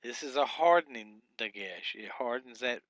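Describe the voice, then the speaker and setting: A man teaching a recorded workbook lesson, methodically thinking aloud and sounding out syllables slowly. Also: medium pitch, animated, a bit bright, no echo. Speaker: Hebrew teacher.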